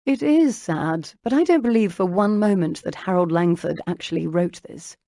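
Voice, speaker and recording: A woman narrating an audiobook, voicing an earnest bookish young woman who speaks intently, a little hurried. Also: fairly low pitch, lively intonation, dark tone, no echo, clean studio sound.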